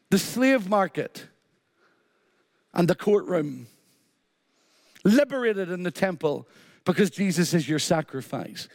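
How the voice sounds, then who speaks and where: A man's voice: high voice, studio quality. A man preaching a sermon with emphatic, repeated phrases and a short story woven in. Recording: long hall reverb.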